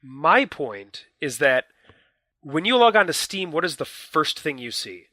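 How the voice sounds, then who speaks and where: A young man co-hosting a gaming podcast, with a bright, sharp-edged voice that sits a little high. He is recorded dry and close, with no room sound around him. He explains his points earnestly, hedging and repeating himself as he goes. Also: big pitch swings, unhurried, no echo. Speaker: podcast co-host. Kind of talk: casual chat.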